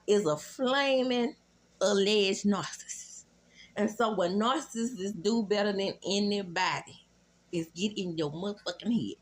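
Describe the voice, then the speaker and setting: A woman with a Southern accent hosting a casual reality TV recap, sassy and animated with profane asides. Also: mid-range voice, unhurried.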